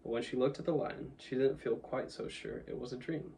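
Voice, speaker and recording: A man reading a children's novel aloud in a steady, even storytelling manner, a little away from the mic. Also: medium pitch, a little fast, recorded from a distance, a little hiss or hum, low-quality recording. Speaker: audiobook reader. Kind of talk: storybook narration.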